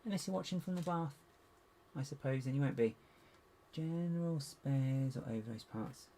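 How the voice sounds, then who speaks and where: Speaking in a mid-range voice at a moderate pace, this man builds something on a live stream and keeps up casual chatter. As he hunts for parts he mumbles to himself and makes jokes at his own expense, over a constant background hiss punctuated by clicks.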